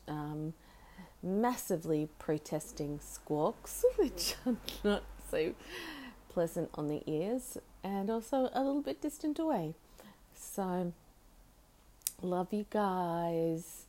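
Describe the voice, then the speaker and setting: A woman hosting a casual solo podcast from home, talking in a halting, rambling way with restarts, and cooing to her pet bird in a sweet, high voice. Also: darkish tone, slight background noise. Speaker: podcast host.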